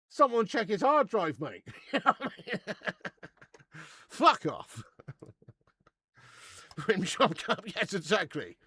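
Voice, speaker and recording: A man's voice: high voice, sharp tone, husky, dry recording. A man hosting a live football watch-along, reading out viewer messages and bantering with plenty of swearing and laughter. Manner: reads out viewer super chats.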